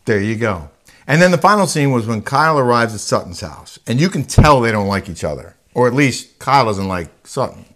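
A man co-hosting a casual TV recap chat, easygoing and quick to laugh. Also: mid-range voice, lively intonation, a bit bright. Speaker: podcast co-host.

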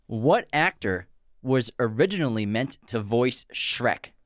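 Teasing male co-host, slightly higher voice with a very lively pitch, dry close mic. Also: slow pace, dry recording. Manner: teasing, laughs often. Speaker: podcast co-host running the quiz. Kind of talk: casual chat.

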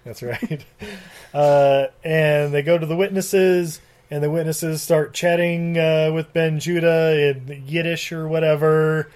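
A man's voice: fairly high pitch, fairly even intonation, takes it slowly, a little mellow, smooth. A man co-hosting a podcast, recapping a movie in a rambling casual chat, laughing often and swearing freely. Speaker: podcast co-host.

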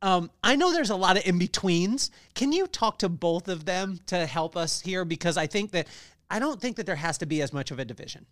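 A man hosts a podcast in a high voice that swings widely in pitch. He asks questions in a playful, teasing way. His sound is dry and close. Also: lively intonation, fairly quick, fairly bright tone, dry recording. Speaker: podcast host. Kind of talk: casual interview talk.

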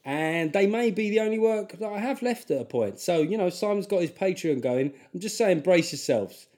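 A man's voice: sits high, animated, moderate pace, a little mellow. A man with a South London accent hosting his podcast, rambling, self-deprecating and jokey. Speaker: podcast host. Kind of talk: casual monologue.

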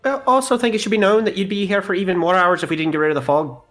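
A man playing a tabletop game who makes quick, joking asides. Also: high-pitched, steady tone, a bit bright, faint music behind. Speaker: player.

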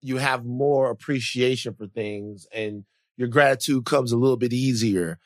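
In a loose podcast chat, the male co-host wanders through his thoughts with frequent fillers and false starts. His voice sits in the mid range at a moderate pace, recorded cleanly in a studio with no room sound.

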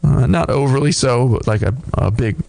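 Gravelly, halting man talking beer. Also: mid-range voice, a little mellow, dry recording. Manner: thoughtful, halting, many fillers and restarts. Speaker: podcast co-host reviewing beer. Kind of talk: casual tasting chat.

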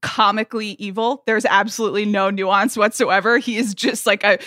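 Wry, bright-voiced female co-host. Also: mid-range voice, fairly even intonation, dry recording, clean studio sound. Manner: wry, quick, laughs while critiquing. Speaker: podcast co-host. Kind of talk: casual pop-culture chat.

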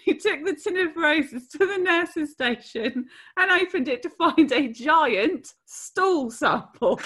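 A woman's voice: high voice, takes it slowly. Woman cohost, swears a lot, giggles through her stories. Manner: sweary, giggly, animated storytelling. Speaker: podcast co-host, former nurse. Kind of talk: casual comedic chat.

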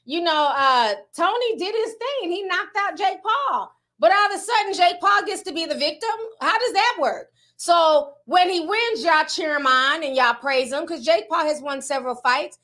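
Woman vlogger, high pitched, gossipy and laughing, slangy chat delivery. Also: animated, moderate pace, hardly any pauses, pushed and bright. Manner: chatty, laughs often, slangy asides. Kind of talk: casual gossip commentary.

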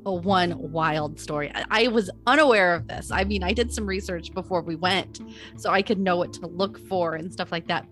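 Fairly low-voiced woman, chatty co-host. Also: normal speed, fairly bright tone, soft background music. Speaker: podcast co-host. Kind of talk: casual chat.

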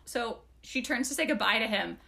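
Bright-voiced excitable woman. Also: fairly high pitch, moderate pace, gravelly. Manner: excitable, reads book quotes aloud, giggly. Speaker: book podcast co-host. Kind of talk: casual chat about a novel.

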